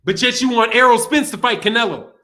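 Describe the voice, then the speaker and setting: A man's voice: extremely high pitch, fairly quick, pushed and bright, slight background noise. A man hosting a boxing livestream, ranting in a heated, profane way, laughing often and repeating himself, with speech. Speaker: boxing channel host. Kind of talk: livestream commentary rant.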